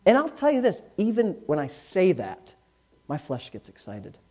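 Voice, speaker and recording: A man who is a pastor, preaching a sermon to his congregation in church, candid and conversational, swinging from loud bursts to hushed asides. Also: sits high, wildly swooping pitch, moderate pace.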